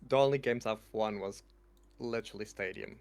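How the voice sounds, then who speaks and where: Man, gravelly voice, low-key casual chat. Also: fairly quick, darkish tone. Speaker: gaming friend.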